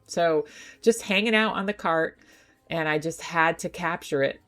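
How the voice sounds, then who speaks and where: A woman's voice: lowish voice, unhurried, a bit bright. A woman chatting casually and eagerly in a thrift shopping vlog, thinking aloud about her finds. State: out of breath while loading the car. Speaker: thrift vlogger. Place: indoors at home on a couch.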